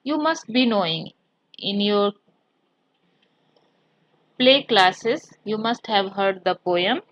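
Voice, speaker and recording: A woman teaching a maths lesson to children, explaining slowly step by step and slipping in Hindi words. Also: medium pitch, expressive, a bit bright, muffled recording, a little hiss or hum.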